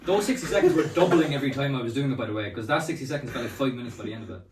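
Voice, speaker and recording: A man co-hosting a comedy podcast, telling relaxed stories and dropping dry, teasing quips. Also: mid-range voice, rapid-fire, far from the mic. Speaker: podcast co-host. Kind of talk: casual comedic chat. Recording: roomy sound, speaking away from the mic.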